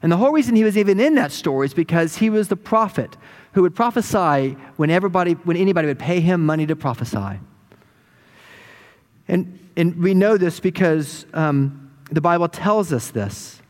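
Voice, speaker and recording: A man preaches, his voice sitting fairly high as he retells a story with animated energy. His words ring out with a long, trailing reverb from a large hall. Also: moderate pace. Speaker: pastor. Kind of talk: sermon.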